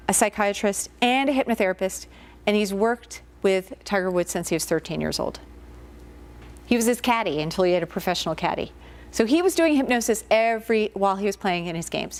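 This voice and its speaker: A woman hypnotherapist giving an informal guest lecture to students, talking conversationally and telling stories with plenty of filler words. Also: mid-range voice.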